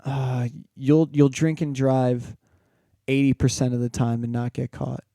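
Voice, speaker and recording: A man's voice: medium pitch, level tone, measured pace, gravelly, dark tone, no room sound. A young man co-hosting a podcast, telling laid-back stories in casual chat, swearing freely and acting out quotes. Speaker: podcast co-host.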